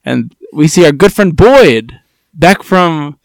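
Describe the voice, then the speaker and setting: A man's voice: a little high, animated, slow, vocal fry, no echo, studio quality. A man co-hosting a podcast, recapping a TV show with joking, sarcastic asides and acted-out lines. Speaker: podcast co-host. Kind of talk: casual chat recapping TV.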